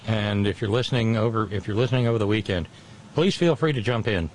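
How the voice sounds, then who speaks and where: A man hosting a radio show, chatting casually and telling stories in a halting way, full of restarts and wry asides. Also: on the low side, a little hiss or hum. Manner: chatty storyteller, wry and self-deprecating. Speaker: radio host. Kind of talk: casual on-air chat.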